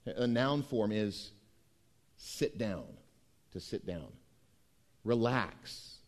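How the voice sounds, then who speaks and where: A middle-aged man preaching a sermon as pastor, emphatic and swinging between hushed and loud delivery. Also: on the low side, animated, drawn-out words.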